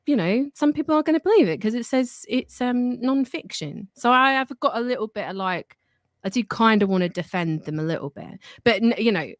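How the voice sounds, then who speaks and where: A woman's voice: a little high, lively intonation, brisk. A woman with an English accent, chatting casually as a podcast guest, full of fillers and restarts.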